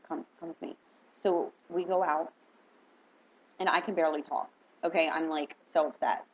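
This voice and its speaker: A woman vlogger telling a personal story in casual, emotional, rambling speech full of "like". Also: deep voice. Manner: rambling, emotional, heavy use of "like". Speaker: spiritual reader vlogger. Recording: dull lo-fi with faint background noise.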